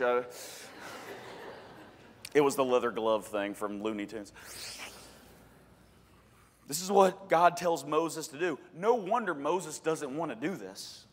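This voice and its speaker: A man preaching a sermon as a pastor, animated, with joking asides and sudden loud emphasis. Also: mid-range voice, in a large hall.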